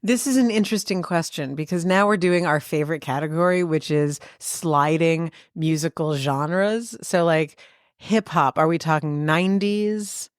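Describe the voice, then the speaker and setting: A woman's voice: low-pitched, moderate pace, hardly any pauses, no echo. A New woman in her fifties co-hosting a podcast in casual chat, teasing with dry humor. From New York City. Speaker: podcast co-host.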